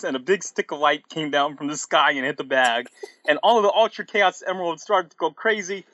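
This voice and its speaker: A man giving a comedic dramatic reading in a deadpan, exaggerated way, on a close mic. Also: a little high, dry recording, muffled recording. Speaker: reader.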